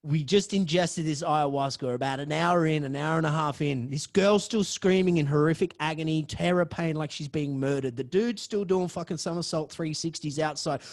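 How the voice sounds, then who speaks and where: A man telling a personal story on his podcast, dramatic and profane, swinging between loud outbursts and hushed asides. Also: a little high, moderate pace, hardly any pauses. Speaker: podcast host.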